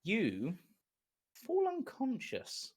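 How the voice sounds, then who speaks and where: A game master who laughs often, opening the show and narrating the recap of a tabletop game. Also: medium pitch. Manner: lively, laughs often, unhurried storytelling.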